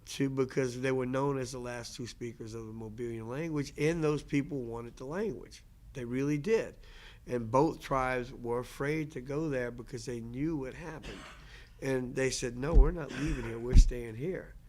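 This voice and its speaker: This language teacher talks at a moderate pace with a medium pitch. Answering questions in a casual lecture, he comes across as earnest, often starting over and repeating himself.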